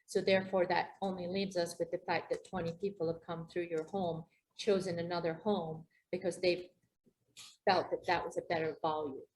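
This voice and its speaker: A woman playing a listing agent in a training role-play, who reasons calmly and step by step. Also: on the low side, moderate pace, slight background noise, rough recording.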